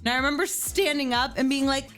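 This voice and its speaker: Animated woman telling a story, high voice. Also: fast, faint music behind. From Pennsylvania, US. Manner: animated, filler-heavy with frequent "like". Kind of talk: casual storytelling.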